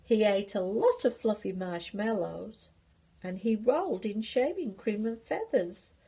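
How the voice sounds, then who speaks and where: A woman's voice: medium pitch, animated, a little slow, dark tone, husky. An older woman reading a picture book aloud to her grandchildren, playful, with whispered asides.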